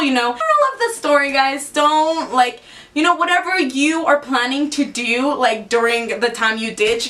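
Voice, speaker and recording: Bright, high-voiced young woman telling a story. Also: recorded from a distance. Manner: animated, swears freely, acts out quotes in high squeals. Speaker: vlogger. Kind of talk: casual storytime.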